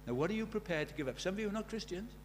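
In church, a man with a slightly high voice for a man preaches at a racing speed with lively intonation. He hammers his points through emphatic repetition and rhetorical questions, falling from forceful declarations into hushed asides. A faint hiss or hum sits in the background.

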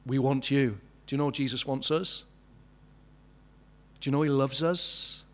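A man's voice: medium pitch, steady tone, unhurried. A man preaching a sermon, asking many questions and building to emphatic peaks.

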